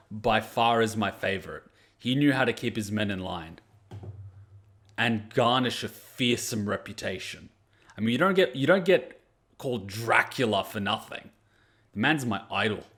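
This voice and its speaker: A man's voice: mid-range voice, fairly bright tone. A man hosting an anime reaction video, joking and blunt, swearing freely as he comments.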